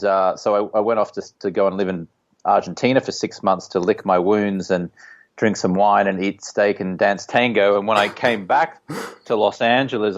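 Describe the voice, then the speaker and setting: Aussie guy as a podcast guest, low voice, kinda muffled lo-fi sound. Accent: Australian. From Australia. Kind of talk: casual interview talk.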